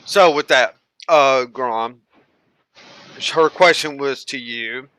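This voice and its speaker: Slow, bright-voiced male game master. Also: medium pitch, dry recording, low-quality recording. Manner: slow, halting narration with fillers. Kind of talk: narrating a tabletop game.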